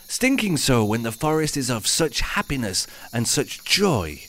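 Theatrical male storyteller with lively pitch. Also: a little slow, a little hiss or hum. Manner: theatrical, old-fashioned inverted phrasing. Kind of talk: scripted story narration.

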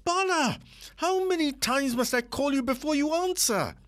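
A shrieking, scandalised aunty. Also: male voice, extremely high pitch, lively intonation, moderate pace, fairly bright tone, voice pushed up. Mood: alarmed calling. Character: shrill, excitable middle-aged Hindu housewife.

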